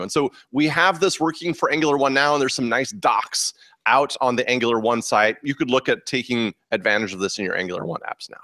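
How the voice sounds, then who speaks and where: Relaxed man hosting a tech meetup. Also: on the high side, no room sound. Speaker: meetup host giving announcements. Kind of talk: casual presentation to a live audience. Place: meetup room.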